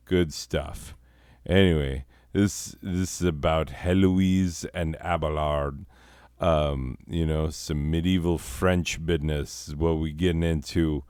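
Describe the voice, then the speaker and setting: Deep slow-talking man hosting comedy. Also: darkish tone, smooth, no echo, studio quality. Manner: rambling, heavy swearing, many fillers. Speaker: comedy podcast host. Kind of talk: casual profane comic storytelling.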